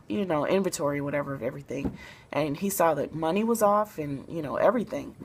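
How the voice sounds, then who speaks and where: A woman from Memphis, Tennessee, telling a personal story to camera in a soft-spoken, relaxed way with plenty of fillers. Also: low voice, a little fast, slight background noise, rough recording. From Memphis, Tennessee, USA.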